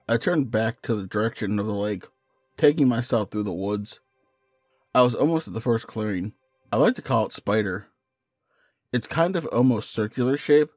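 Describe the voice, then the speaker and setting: A man narrating a first-person horror story in a measured, hushed storytelling manner. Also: fairly low pitch, dry recording, studio quality. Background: faint music.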